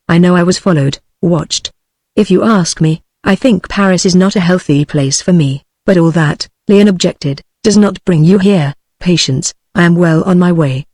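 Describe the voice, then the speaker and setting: A woman's voice: lowish voice, dry recording. Dry synthetic British woman narrator. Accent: British English. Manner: even, uninflected reading that voices every character alike. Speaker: audiobook reader.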